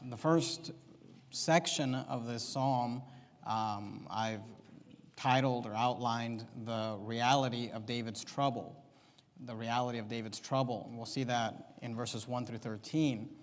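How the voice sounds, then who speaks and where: Male pastor, midweek sermon, emphatic scripture reading, long church reverb. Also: mid-range voice. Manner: builds from calm outline to emphatic scripture reading. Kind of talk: Wednesday night sermon.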